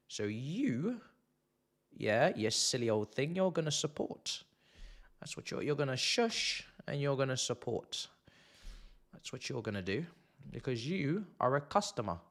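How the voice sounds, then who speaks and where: A man's voice: mid-range voice, gravelly. Sarcastic young man streaming. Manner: sarcastic, swings between mumbling asides and loud rants. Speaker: football watch-along host. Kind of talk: live-stream watch-along chat.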